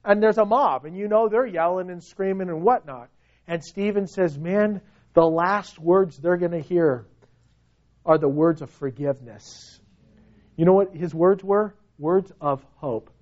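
A man delivers a sermon in an unhurried, high voice. He moves from hushed, drawn-out words to loud, ringing cries. The recording sounds muffled and lo-fi. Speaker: preacher.

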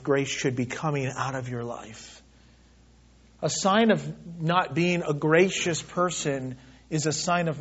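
A man preaching a sermon, reading scripture aloud and moving between loud, pleading lines and soft, hushed ones. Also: fairly high pitch, dull audio. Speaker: pastor.

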